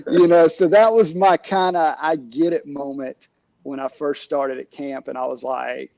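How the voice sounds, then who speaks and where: A middle-aged man, a camp director, telling stories in a casual interview, halting with many restarts and fillers. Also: mid-range voice, steady tone, gravelly, darkish tone, no room sound, lo-fi sound.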